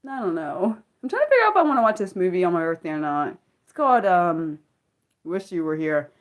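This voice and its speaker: A woman's voice: lowish voice, very animated, a little fast. Young american woman streaming, chatty and scattered, voice goes way up and down. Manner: rambling, many fillers and restarts, talks to chat viewers. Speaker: livestream host. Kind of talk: unscripted livestream chat.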